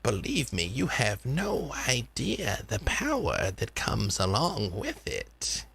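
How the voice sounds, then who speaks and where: A man voicing a sly old grandmother figure who talks with spirits, speaking in a slow, coaxing murmur. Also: mid-range voice, huge pitch swings, vocal fry, fairly bright tone, breathy edge, full character voice.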